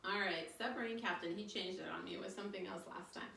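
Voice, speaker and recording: A woman's voice: mid-range voice, fast, creaky, pushed and bright. A woman leading a children's yoga storytime, playful and encouraging as she guides a child through poses. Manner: encouraging, playful, upbeat with kids. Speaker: kids yoga teacher and storyteller. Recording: echoey room, distant mic, faint background noise.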